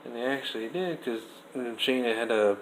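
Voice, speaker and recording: A young man giving a casual, rambling wrestling review, restarting sentences often and getting animated. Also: mid-range voice, normal speed, low-quality recording. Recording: faint background noise.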